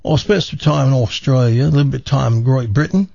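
A man's voice: mid-range voice, completely flat delivery, fairly quick, warm tone, no echo, natural voice. A laid-back chicken farmer, as a man telling a joke plays him, speaking plainly and matter-of-factly. It is recorded close, a touch dull and dry. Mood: casual. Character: smooth middle-aged male chicken farmer. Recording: slightly dull, dry studio sound.

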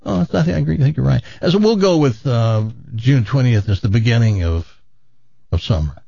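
A man's voice: mid-range voice, lively intonation, a little fast, vocal fry, dark tone, slightly rough, dry recording. A man hosting a radio show in casual chat, rambling and joking, with a put-on Southern accent. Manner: rambling, self-interrupting, joking. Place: radio studio. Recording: slightly muffled radio broadcast.

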